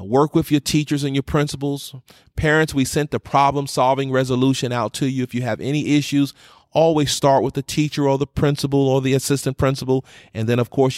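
A man's voice: mid-range voice, no echo, studio quality. A man giving an earnest, encouraging address to students and parents as a school district leader, repeating phrases for emphasis.

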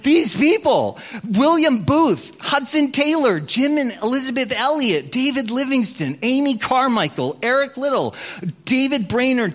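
A middle-aged man preaches, his pitch high and his tone fairly bright. As a pastor giving a storytelling sermon, he dramatizes his own prayers with self-deprecating humour.

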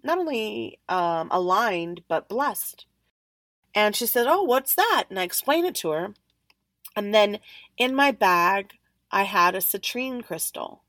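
A woman hosting a podcast, telling a story in an animated way and acting out the other people's lines. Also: mid-range voice, no room sound. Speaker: podcast host. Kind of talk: storytelling monologue.

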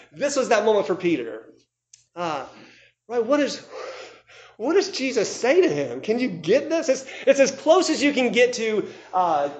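A man preaching a sermon, conversational and animated, acting out the voices of people in the story. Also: sits high. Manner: conversational, many fillers and asides. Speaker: pastor. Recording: echoey room.

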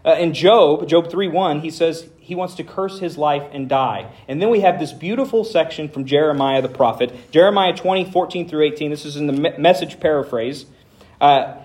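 Male pastor, fairly high voice, casual sermon delivery with deadpan jokes. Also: moderate pace. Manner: conversational preaching with dry humor; reads scripture aloud with dramatic emphasis.

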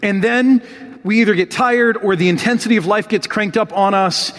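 A man's voice: high-pitched, fairly even intonation, normal speed, fairly bright tone, big-room sound. A man preaching a sermon in an earnest, heartfelt way, reading scripture with rising emotion. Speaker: pastor.

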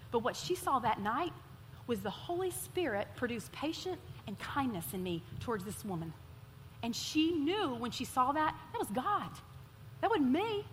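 Woman preacher, high and bright, animated storyteller, sermon in a reverberant hall. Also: a little hiss or hum. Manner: animated storytelling, repeats words for emphasis. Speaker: pastor. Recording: hall reverb with faint ambience.

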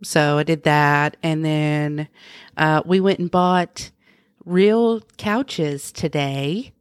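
A woman co-host in casual chat, chatty and quick to laugh. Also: sits low, smooth, no echo, studio quality.

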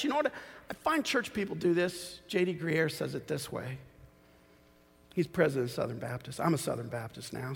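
High-voiced pastor preaching, big swings loud to soft, long echo from the hall. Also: male voice, vocal fry, slightly rough. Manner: animated preaching, swings from shouts to low asides. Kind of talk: sermon. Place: church sanctuary.

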